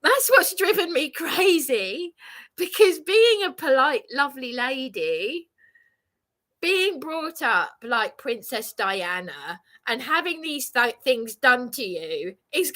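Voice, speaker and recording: A woman's voice: sits high, sing-song, takes it slowly, pushed and bright. A woman delivering an indignant, emphatic ranting monologue, swearing and laughing bitterly. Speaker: vlogger.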